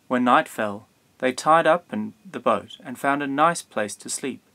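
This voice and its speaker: Man reading a children's picture book. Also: medium pitch. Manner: gentle, measured storytelling. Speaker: storybook reader.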